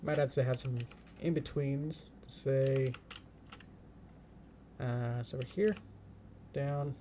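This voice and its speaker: Live streamer, unhurried and soft-toned, thinking aloud at the desk. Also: medium pitch, steady tone, slight background noise. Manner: thinks aloud, chants step by step, laughs often. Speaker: animation streamer. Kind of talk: casual live-stream narration while animating.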